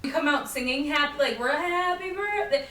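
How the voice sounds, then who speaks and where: A young adult woman hosting a solo podcast, telling a story in an animated, chatty way and acting out what people said. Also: high-pitched, fairly quick. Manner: animated, chatty, acts out quotes. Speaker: podcast host. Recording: roomy, slightly distant mic with faint noise.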